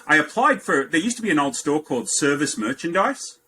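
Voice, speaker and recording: A man in his fifties with an Australian accent, a podcast guest telling lively anecdotes and jumping up in pitch for quoted lines. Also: fairly quick, slight background noise, poor audio. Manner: animated anecdotes, jumps high for quoted lines. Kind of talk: storytelling in a podcast interview.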